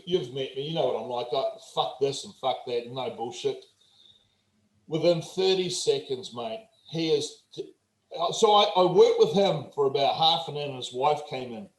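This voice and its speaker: Blunt, swearing New Zealand man. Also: medium pitch. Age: 40s. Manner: blunt, profane, animated storyteller. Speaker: guest performance coach. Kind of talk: casual interview storytelling. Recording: roomy echo.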